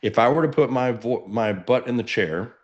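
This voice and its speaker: A man with a Texan accent and a baritone voice, coaching realtors in a lively, casual webinar while standing and moving around. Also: normal speed, highs cut off. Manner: energetic, animated, casual. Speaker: real estate coach. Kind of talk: webinar teaching.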